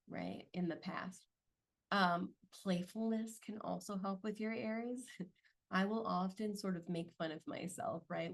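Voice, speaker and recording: Brief: woman, slightly lower register, casual advice monologue, constant "right?" tag questions. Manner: conversational, keeps asking "right?" for agreement. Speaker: astrology content creator.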